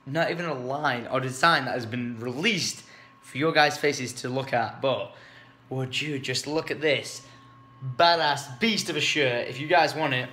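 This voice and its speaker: A young man from England vlogging casually, excitable and swearing a lot, with bursts of shouting. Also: mid-range voice. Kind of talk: casual vlog chat.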